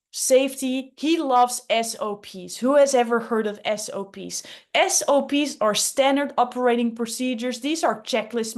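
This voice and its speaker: A woman's voice: on the high side, natural voice. A woman voicing an orderly male brain minion who loves rules and checklists, quizzing and drilling emphatically.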